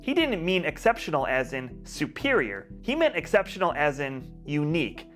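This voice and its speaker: A man's voice: fairly high pitch, wildly swooping pitch, normal speed, a bit bright, faint music behind. An American man giving scripted video commentary, full of wry, sarcastic asides. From United States. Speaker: video essayist.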